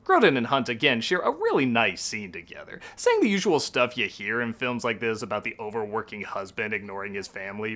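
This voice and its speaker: Animated sarcastic male movie critic. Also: on the low side, brisk, hardly any pauses. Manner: sarcastic, animated, jokey asides. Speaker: film critic. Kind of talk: comedic movie review narration.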